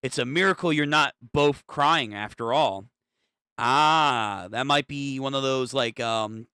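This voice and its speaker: Young guy streaming a manga reaction, swears a lot, bright voice, dry mic. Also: mid-range voice, clean tone, no room sound. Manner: casual and profane, reacting out loud.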